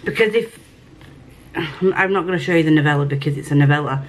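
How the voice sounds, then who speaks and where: A woman book vlogger chatting casually through a mail unboxing, gushing and excitable, with casual swearing. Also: deep voice, quick pace, noisy background. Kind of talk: casual unboxing and reading vlog.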